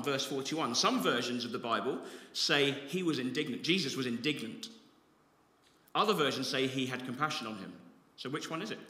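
A man's voice: fairly high pitch, pushed and bright. A man preaching a sermon as pastor, earnest and reflective, rising to passionate emphasis. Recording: echoey hall with long reverb.

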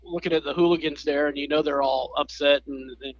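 A man from the South, co-hosting a podcast in easygoing, halting chat and laughing often. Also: on the high side, steady tone. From American South. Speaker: podcast co-host, theme park bus driver. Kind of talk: casual chat. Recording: dry, muffled audio.

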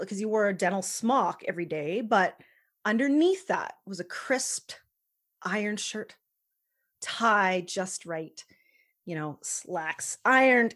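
A woman guest on a podcast, talking earnestly and emphatically, sometimes dropping almost to a whisper. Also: medium pitch. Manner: earnest, emphatic, softens to near-whisper at times. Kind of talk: casual interview chat.

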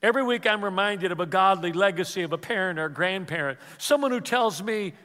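A man preaching as pastor, telling a story with repeated words and dropping to a hush for emotional quotes. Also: high voice, a little fast, hardly any pauses, in a large hall. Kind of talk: sermon.

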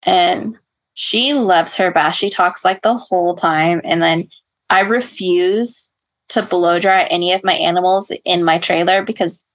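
A woman's voice: fairly low pitch, unhurried, fairly bright tone. A woman co-hosting a podcast, chatting casually, telling stories and laughing often. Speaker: podcast co-host. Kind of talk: casual chat.

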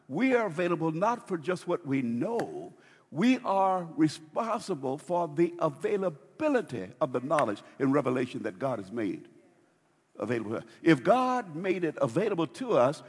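Pastor guy preaching, husky voice, pitch all over the place, long hall echo. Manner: animated preaching with dramatic pauses and swings in loudness. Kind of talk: sermon.

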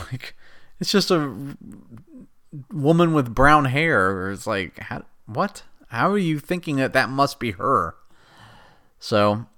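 A man's voice: on the low side, fairly bright tone. A man casually recapping a film, rambling and exasperated and laughing at the plot. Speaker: show host recapping a film.

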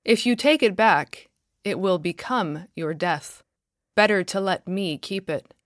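A woman lends her voice to the Lord, a calm and grave divine figure in a spoken storybook. He speaks slowly and steadily, with gentle authority. The sound is close and dry. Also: mid-range voice, no room sound, lightly acted. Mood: solemn. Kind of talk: storybook reading.

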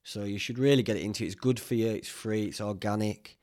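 A man's voice: fairly low pitch, fairly even intonation, fast, darkish tone. A young man with a Northern English accent hosting a podcast, rambling through stories in a casual, chatty way and swearing freely. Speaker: podcast host.

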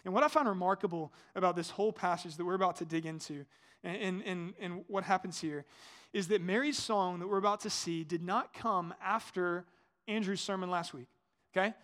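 A man's voice: sits high, brisk, fairly bright tone. A man in his thirties preaching a sermon as a pastor, talking conversationally and asking the congregation questions.

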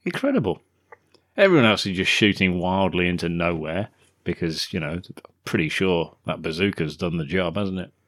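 A man's voice: low voice, lively intonation, normal speed, a bit bright, no echo, studio quality. A man co-hosting a podcast, riffing animatedly on a film, laughing often and swearing freely. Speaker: podcast co-host. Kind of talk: casual film-review chat.

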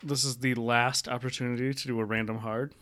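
A man's voice: medium pitch, little pitch movement, brisk, fairly bright tone. Dry, rambling man in a quiz. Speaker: quiz contestant. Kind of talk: casual game chat.

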